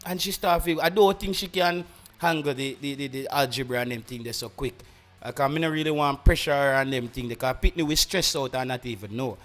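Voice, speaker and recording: A man's voice: mid-range voice, brisk, a bit bright, faint music behind. A young Jamaican man with a country accent, chatting casually as a podcast host, rambling and switching between patois and English. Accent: Jamaican rural. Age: young adult. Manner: rambling, mixes patois and English, many restarts. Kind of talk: casual chat.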